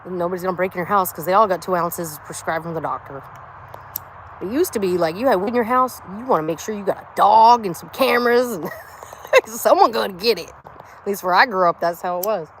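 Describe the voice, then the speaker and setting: A woman's voice: medium pitch, quick pace, a little hiss or hum, rough recording. A middle-aged American woman chatting casually on a live stream, rambling and swearing freely as she talks. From United States. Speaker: vlogger.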